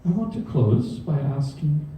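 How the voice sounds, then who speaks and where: Slightly high and sing-song, a mellow male voice with an Australian background moves at a measured pace through a comedic science talk before a live audience at a comedy venue. He keeps the humor dry and self-mocking, chuckling at his own lines. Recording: a distant mic in a reverberant hall.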